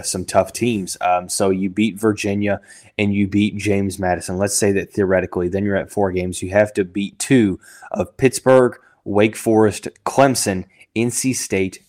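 A man's voice: deep voice, a little mellow. Man hosting a casual sports podcast. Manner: thinking aloud with many fillers and restarts. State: has the hiccups.

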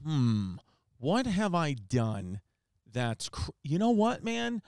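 Smooth-voiced New man hosting. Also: fairly high pitch, huge pitch swings, slow, darkish tone, no room sound, studio quality. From New York, the Bronx. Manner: joking, probing questions. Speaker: podcast host. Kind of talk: casual chat.

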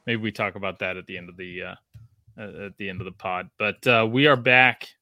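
Male podcast host from Australia, bright, dry close mic, rambling. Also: lowish voice, a little fast, no room sound. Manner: rambling, self-interrupting, laughs often. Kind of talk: casual podcast chat.

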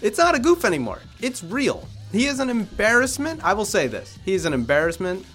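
A man co-hosting a podcast, excitable and mocking in casual banter. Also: sits high, soft background music. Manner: excitable, mocking, quick to riff. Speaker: podcast co-host.

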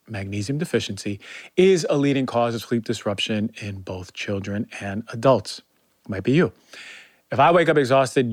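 A man's voice: mid-range voice, no room sound, clean studio sound. A man hosting a health podcast, who is also a doctor, interviewing a guest and often affirming with "right?" and also reading an ad. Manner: affirming, "right?" tag questions. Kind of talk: interview and read ad.

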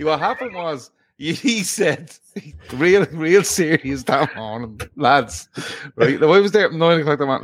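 An Irish man telling a crude, animated story, laughing as he goes, in casual chat. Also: fairly high pitch, unhurried, no room sound, low-quality recording. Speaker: podcast co-host.

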